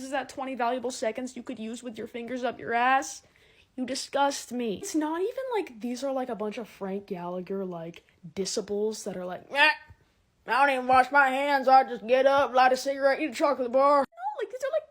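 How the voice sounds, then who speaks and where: A teenage girl ranting sarcastically and dramatically to camera in a comedic monologue. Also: a little high. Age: teens. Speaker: comedic creator.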